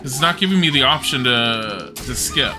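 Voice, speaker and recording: A woman's voice: extremely low pitch, animated, moderate pace, over music. A woman streamer giving casual, blunt commentary as she plays a game live on a desk mic.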